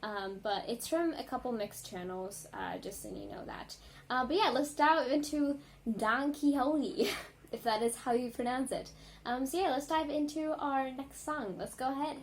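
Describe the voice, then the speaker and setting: A woman vlogger reacting to music in a casual, rambling chat, full of ums and likes and quick apologies. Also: high-pitched, lively intonation, a little hiss or hum.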